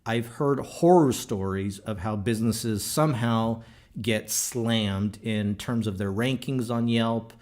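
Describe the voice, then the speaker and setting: A man hosting a podcast, talking in a casual, animated and jokey way with many fillers and restarts. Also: lowish voice, slow. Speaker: podcast host.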